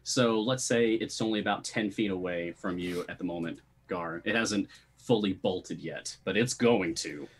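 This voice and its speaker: A man acting as game master, narrating a tabletop role-playing game in a relaxed, easygoing way. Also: sits low, normal speed, few pauses, a little hiss or hum.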